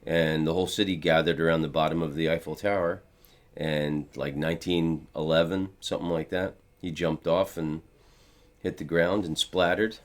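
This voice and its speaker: A man's voice: extremely low pitch, steady tone, normal speed. A middle-aged man hosting a podcast, chatting casually and telling funny stories with put-on voices for the people he quotes. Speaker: podcast host. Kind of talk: casual chat.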